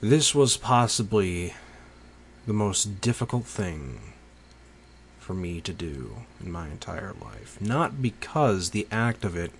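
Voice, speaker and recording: Male, very low voice, unhurried reflective monologue, faint crickets behind. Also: very animated, creaky, a little hiss or hum. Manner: slow, pensive, with long pauses.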